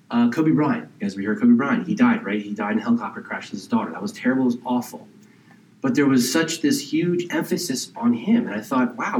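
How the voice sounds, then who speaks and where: A man's voice: mid-range voice, a little mellow, recorded from a distance. Man preaching in an echoey church. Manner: conversational preaching with rhetorical questions and mocking impressions. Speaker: pastor. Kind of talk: sermon. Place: church sanctuary.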